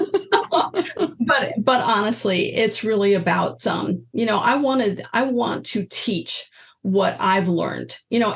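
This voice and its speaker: A woman in her sixties, a guest telling stories in a casual interview and acting out the voices she quotes. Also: medium pitch. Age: 60s. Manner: animated storyteller, acts out quoted voices. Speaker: guest, energy healer and teacher.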